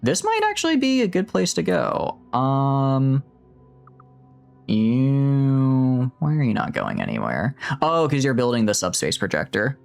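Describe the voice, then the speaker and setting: Animated man rambling over game play. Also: medium pitch, unhurried, gravelly, clean tone, soft background music. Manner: animated, rambling, self-mocking. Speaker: streamer. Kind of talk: casual gameplay commentary.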